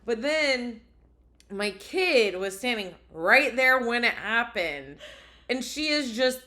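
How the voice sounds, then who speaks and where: A woman's voice: fairly high pitch, big pitch swings, slow pace, sharp tone. A woman co-hosting a casual podcast chat, animatedly telling a story and laughing at herself. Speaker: podcast co-host.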